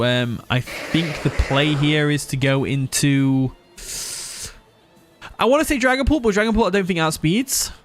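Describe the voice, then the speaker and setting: A young man from England, giving casual live commentary on a game, reading chat aloud and laughing often. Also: mid-range voice. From Nottinghamshire, England. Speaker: streamer.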